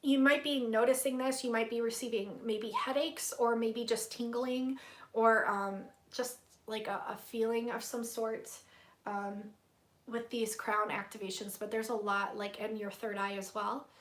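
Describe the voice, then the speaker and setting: A woman giving a live spiritual tarot reading to her viewers, soft-spoken and gushing, with many fillers and easily moved to emotion. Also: fairly high pitch, steady tone, measured pace. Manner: emotional, tearful at moments. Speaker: tarot reader hosting a livestream.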